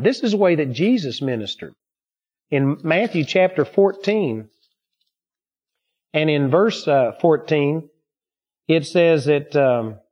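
A man with a fairly high voice preaches a sermon, moving from personal stories to scripture in an earnest, steady way. The recording is dull and lo-fi.

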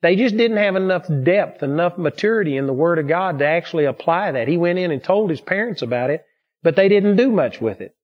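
A man with a fairly high voice preaches a sermon, moving from personal stories to scripture in an earnest, steady way. The recording is dull and lo-fi. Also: brisk.

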